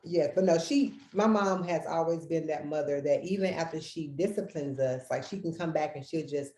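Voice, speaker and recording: A woman hosting a podcast, chatting casually with her mother and telling animated stories. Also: low voice, moderate pace, reverberant. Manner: animated storyteller who acts out quotes. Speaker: podcast host. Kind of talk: casual family chat.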